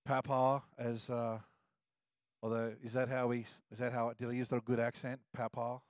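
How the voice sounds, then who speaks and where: A man's voice: mid-range voice, completely flat delivery, moderate pace, darkish tone, no echo, studio quality. A man with an Australian accent leading the service, making loose, chatty announcements with self-corrections. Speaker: service leader. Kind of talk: casual church announcements.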